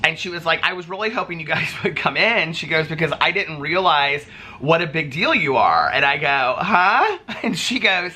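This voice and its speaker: A man vlogging from a hotel room, telling stories in a chatty, animated way with lots of fillers. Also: a little high, normal speed, slightly rough. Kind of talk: casual chat to camera.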